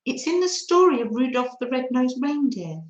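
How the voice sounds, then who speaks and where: Animated woman chatting on a livestream. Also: high voice, normal speed, echoey room. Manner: animated, reads out and answers viewer comments; laughs often. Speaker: livestream host.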